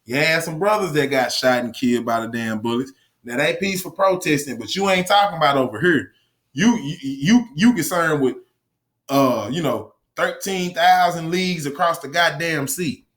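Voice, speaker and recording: A male commentator with a fairly high, slightly bright, expressive voice rants casually at normal speed. He curses often, repeats himself, and reads news items aloud.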